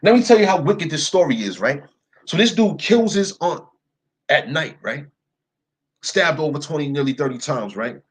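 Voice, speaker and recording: A young man with a slightly high, husky voice delivers a casual monologue full of swearing. He tells a story in an emphatic way, often checking in with "right?" and tossing in "yo". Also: lively intonation, moderate pace, poor audio. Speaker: commentator.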